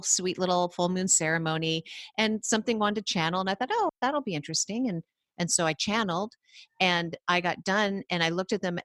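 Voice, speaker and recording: Woman with a low, dry voice. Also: a bit bright, no echo. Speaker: podcast co-host, psychic. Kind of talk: casual conversational storytelling.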